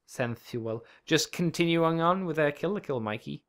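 A man's voice: a little high, normal speed, fairly bright tone. A man co-hosting a casual podcast, rambling along, swearing easily and chuckling often. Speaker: podcast co-host. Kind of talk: casual chat.

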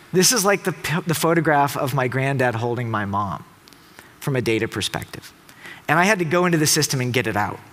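A middle-aged man from Tennessee giving an emphatic, rhetorical public talk on stage. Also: long reverb tail. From Tennessee, USA. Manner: emphatic, rhetorical, with lively pitch shifts. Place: large auditorium stage.

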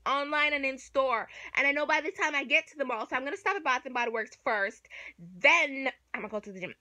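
A young woman talking casually to her phone camera in a vlog, animated and swearing freely, swinging from excitement to ranting. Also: sits high, a little fast, dry recording, rough recording. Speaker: vlogger. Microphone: handheld phone camera.

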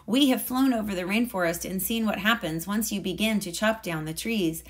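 A woman's voice: medium pitch, moderate pace, close to an everyday voice. A woman voicing a squawking toucan who speaks urgently in a storybook read-aloud.

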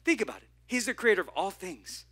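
A man preaching a lively sermon at a church service. He acts out the people in his story and asks the congregation questions. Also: sits high, a little fast, husky. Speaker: pastor.

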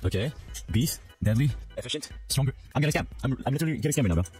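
A man's voice: medium pitch, lively intonation, rapid-fire, a little mellow, husky, faint music behind. A man giving casual gameplay commentary, exasperated, repeating his complaints and calling everyone bro. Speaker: gaming YouTuber.

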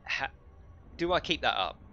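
A man's voice: medium pitch, very animated, normal speed, bright, forceful tone, highs cut off, faint music behind. A middle-aged man casually commentating a live game stream, chatting and joking with his viewers. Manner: jokey, chatty, reads out chat and laughs often.

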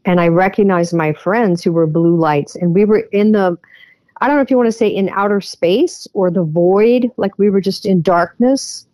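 A woman who is a guest on an interview podcast, earnestly retelling a personal experience and often pausing on fillers. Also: mid-range voice, warm tone, no room sound.

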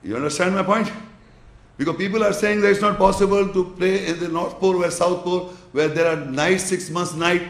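An Islamic lecturer teaches a religious class to an audience, explaining slowly with gestures and repeatedly asking whether listeners follow. His high voice has fairly even intonation and vocal fry, heard in a roomy echo.

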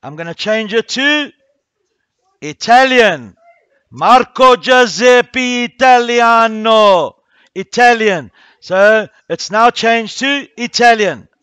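High-voiced man teaching coding. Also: animated, slow, bright, forceful tone, clear, resonant tone, dry recording. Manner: talks through each click step by step, addressing pupils. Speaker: primary school coding teacher. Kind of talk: classroom coding tutorial. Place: school classroom.

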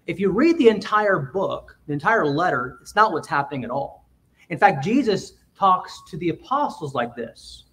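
A man's voice: high voice, very animated, moderate pace, a bit bright, far from the mic. A male pastor giving an explanatory sermon in a church, restarting phrases and putting questions to his congregation. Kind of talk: expository sermon. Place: church sanctuary.

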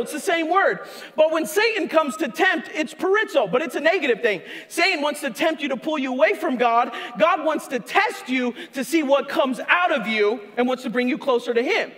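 A man preaching a sermon as a pastor, animated, acting out a tempter's voice and shouting for emphasis. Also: extremely high pitch. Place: church sanctuary. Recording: long echo of a church hall.

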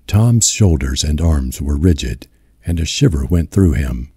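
A man with a deep voice narrating a novel as an audiobook in a slow, measured reading. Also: animated, mellow, breathy edge, no echo, studio quality. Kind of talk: scripted narration.

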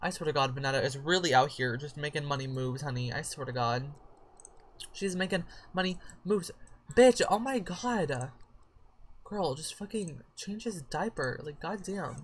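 A woman's voice: sits low, animated, normal speed, husky. A woman casually commenting on her own life-simulation game, chatty and profane, breaking into sudden shrieks of surprise. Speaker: gaming channel host. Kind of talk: casual let's-play commentary.

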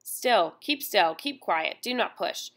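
A woman's voice: medium pitch, animated, slow. A woman voicing harsh, impatient male guards who bark orders in an audiobook. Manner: barking orders.

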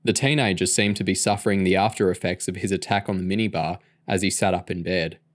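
A man narrating a novel aloud in a steady, measured storytelling voice. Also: deep voice. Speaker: audiobook reader.

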